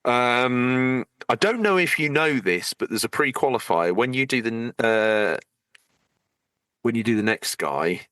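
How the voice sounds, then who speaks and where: Male podcast co-host, bright lowish voice, dry sound; playful, teasing, digressive. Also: expressive, unhurried, clean tone, dry recording. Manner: playful, teasing, rambling with jokey asides. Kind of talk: casual banter, reading out supporter thanks.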